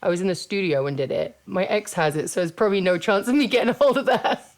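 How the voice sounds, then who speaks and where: Hosting a casual chat, she's a thirtysomething English woman who wrestles and podcasts. Her voice sits mid-range and moves at a quick pace, and her manner is blunt and easygoing, with free swearing.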